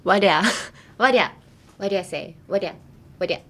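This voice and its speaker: A woman's voice: on the low side, quick pace, a bit bright, slight background noise. Giggly chatty young woman host. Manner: giggly, chatty, lots of "like" and laughter. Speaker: podcast host teaching English. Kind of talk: casual chat and pronunciation lesson.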